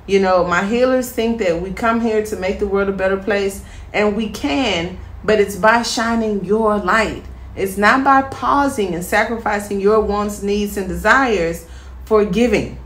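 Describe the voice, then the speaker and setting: A woman's voice: mid-range voice, unhurried, echoey room. A woman giving a casual tarot reading to her viewers, chatty and encouraging, with many fillers. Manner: chatty, encouraging, addresses viewers as "my star" and "my healers". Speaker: tarot reader.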